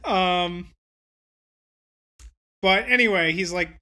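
A woman's voice: mid-range voice, lively intonation, moderate pace, fairly bright tone. Brash, profane woman recapping. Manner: brash, profane, acts out characters' reactions. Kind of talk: casual chat, recapping an episode.

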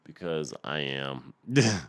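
Deep-voiced stuttering man ranting loudly. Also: animated, takes it slowly. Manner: loud, swearing, repeats words. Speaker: podcast host. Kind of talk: profane comedic rant.

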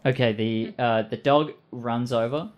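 Brief: male game master, mid-pitched, hesitant, conversational. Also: steady tone, noisy background. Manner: halting, filler-heavy narration. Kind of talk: narrating a tabletop game.

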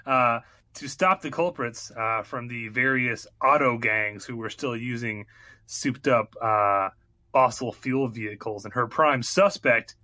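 A man on a podcast, casually pitching joke movie ideas and clearing his throat now and then. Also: a little slow, sharp tone, dry recording. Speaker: podcast co-host. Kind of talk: casual chat.

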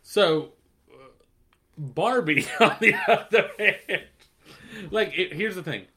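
A man's voice: high voice, expressive, slow pace, bright, forceful tone. A young man co-hosting a podcast, chatting in a laid-back way with casual swearing. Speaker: podcast co-host. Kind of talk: casual chat.

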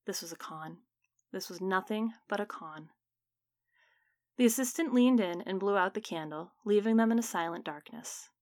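A woman reading a story aloud in measured, dramatic audiobook narration. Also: medium pitch, a little mellow, no room sound, clean studio sound.

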